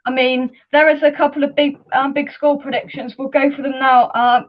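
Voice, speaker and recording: A woman's voice: high-pitched, little pitch movement, moderate pace, dull audio. A woman hosting a casual live fan preview show, chatty and hesitant with many ums. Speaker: fan channel host.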